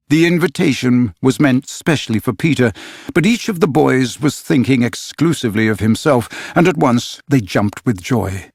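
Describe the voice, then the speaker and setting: A man narrates a storybook in a measured, expressive way. His voice sits at an ordinary male pitch. The studio recording is dry and close. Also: vocal fry, no echo. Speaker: audiobook narrator. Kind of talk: scripted narration.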